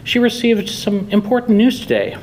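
A man's voice: high voice, very animated, normal speed, a little mellow, a little hiss or hum, voice pushed up, low-quality recording. A man voicing a fussy, insistent suburban mother in a story reading, with a chirpy, coaxing manner.

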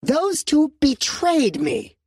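A man voicing a small, furry alien mob boss, haughty and menacing, speaking slowly and coldly in an audiobook. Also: very high voice, huge pitch swings, a little mellow, no echo, clean studio sound, voice pushed up, full character voice. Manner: slow, cold, threatening. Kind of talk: audiobook character voice.

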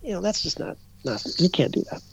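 Quick, very animated, and gravelly, this older man's high voice carries slight background noise. He's a guest psychic from Minnesota rambling through stories in casual interview talk, with frequent restarts and fillers, captured on a dull, dry lo-fi recording.

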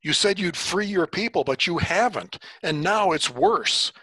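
A man voicing a frightened young shepherd who stammers and protests in a high, strained voice. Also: lively intonation, a little slow, sharp tone, husky, dry recording, heavily acted. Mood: angry. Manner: high, panicky, stuttering protests. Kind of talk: dramatic storytelling.

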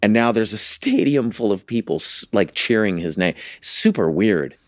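A man co-hosting a podcast in casual chat, jokey and animated. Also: lowish voice, normal speed, no echo, clean studio sound. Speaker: podcast co-host.

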